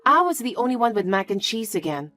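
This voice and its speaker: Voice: mid-range voice, big pitch swings, fast, pushed and bright, faint music behind. A voice actor playing a stubborn, defensive young man in scripted story dialogue, blunt and bossy. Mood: angry.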